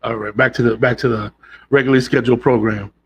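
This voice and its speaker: With a little hiss or hum in the audio, a fast-talking man with a medium pitch and fairly even intonation hosts a casual solo podcast. His delivery is blunt and emphatic, heavy on slang and swearing, and aimed directly at his listeners.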